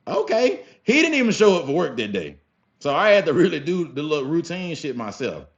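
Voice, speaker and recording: A young man telling a story casually to his viewers, animated and profane, often calling them y'all. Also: a little high, fairly quick. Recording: slightly dull lo-fi sound with faint music.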